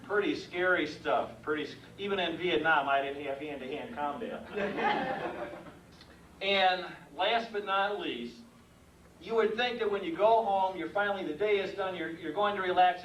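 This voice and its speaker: An older man giving a humorous speech about his work as a mailman, animated, chuckling at his own jokes and acting out sounds. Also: high voice, slight background noise. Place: meeting room with audience. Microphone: far room mic. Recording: echoey room from far off.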